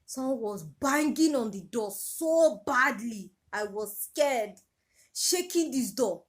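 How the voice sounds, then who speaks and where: Speaking slowly in an expressive voice on the high side, a young Nigerian vlogger recounts something that happened to her. Her Nigerian accent is clear, and she drives points home with urgent, emotional repetition.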